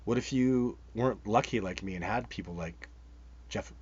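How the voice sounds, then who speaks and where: Rambling, enthusiastic man with a low voice. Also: moderate pace, breathy edge. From Canada. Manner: rambling and enthusiastic, many restarts. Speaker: host of a live Bigfoot show. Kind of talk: live-stream chat answering viewer comments. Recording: dull sound with faint background noise.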